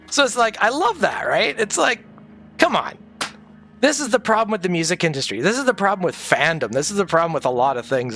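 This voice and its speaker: A man on a livestream casually telling stories from his audio engineering days, animated and profane, laughing often. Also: on the high side.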